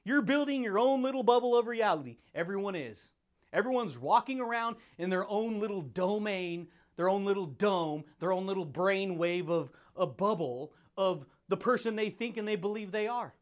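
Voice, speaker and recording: A man's voice: sits high, expressive, moderate pace. A man hosting a motivational podcast, talking in a hyped, laughing monologue that keeps calling the listener dude, buddy and baby.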